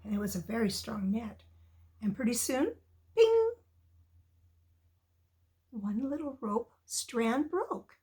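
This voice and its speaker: A woman reads a children's story aloud to young listeners. Her voice sits high and she takes her time, drawing out words with expressive storytelling emphasis. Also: measured pace.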